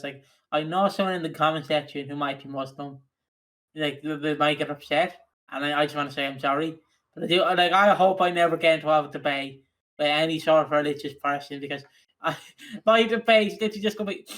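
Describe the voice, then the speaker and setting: A man from Ireland co-hosting a podcast, joking and mocking himself in halting, stop-start casual chat. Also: on the high side, fairly even intonation, fairly bright tone. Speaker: podcast co-host.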